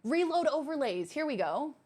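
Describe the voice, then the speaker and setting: Bubbly, gushing woman streamer with lively pitch. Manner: bubbly, gushing, quick to exclaim. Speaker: livestream host. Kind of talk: casual stream chat, reading viewer messages. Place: home streaming room.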